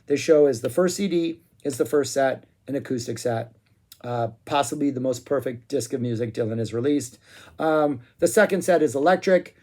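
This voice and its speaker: Excitable rambling man reviewing music. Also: medium pitch. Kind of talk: casual spoken review.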